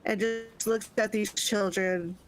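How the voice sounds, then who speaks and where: A woman player at a tabletop game, describing what her character does. She speaks at a middle pitch and an ordinary pace, pausing with fillers as she thinks. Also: steady tone, faint music behind, low-quality recording. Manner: hesitant, with fillers.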